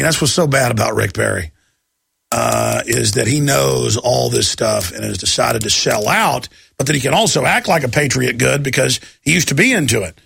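A man's voice: medium pitch, vocal fry, a bit bright, slightly rough, dry recording, studio quality. A male radio host in a rambling, emphatic talk radio monologue.

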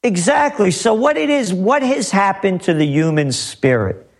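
Brief: high-voiced, animated male pundit, emphatic, repetitive, full of rhetorical questions. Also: normal speed. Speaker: guest commentator. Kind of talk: heated political talk.

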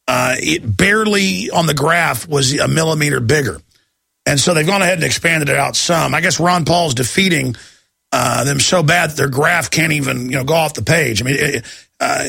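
Male talk radio host: fiery and rambling, gravelly and husky, dry close sound. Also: on the high side, bright, forceful tone, no echo. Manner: rambling, emphatic ranting.

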